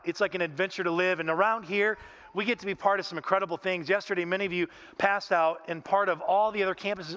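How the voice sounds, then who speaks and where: A man's voice: sits high, fairly bright tone. A man preaching a sermon in a church, telling stories in a folksy way and often saying "man". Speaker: pastor. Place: church sanctuary.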